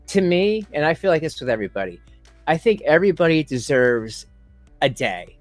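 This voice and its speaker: A man reacts to a video on his stream, rambling through sarcastic jokes and chuckling at his own remarks. His voice is dry and close to the mic, with soft music playing behind him. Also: mid-range voice, big pitch swings, normal speed, no echo. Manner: sarcastic, laughing, rambling asides. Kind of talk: mocking reaction commentary.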